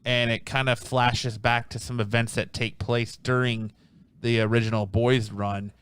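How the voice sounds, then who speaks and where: A man's voice: mid-range voice, level tone, measured pace, a bit bright, clear, resonant tone. A man hosting a casual comic book review show, rambling with many restarts and ums.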